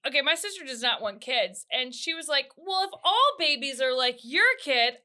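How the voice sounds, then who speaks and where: A woman in her thirties co-hosting a casual podcast, telling a family story with animated voices. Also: sits high, moderate pace. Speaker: podcast co-host. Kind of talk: casual chat.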